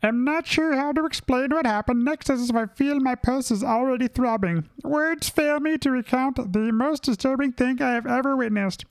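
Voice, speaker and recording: A nervous, high-strung explorer reading his diary in a thin, lifted voice, as a man puts him on while playing a game. The delivery is dramatic and breathless, and it sounds close and dry with no room around it. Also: normal speed, few pauses, clean tone, no room sound. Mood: alarmed.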